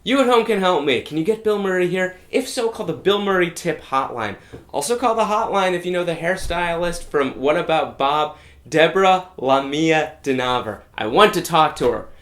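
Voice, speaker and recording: A man's voice: fairly high pitch, lively intonation, normal speed, a bit bright. Upbeat male host signing off. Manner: upbeat, direct address to viewers. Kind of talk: show sign-off to camera.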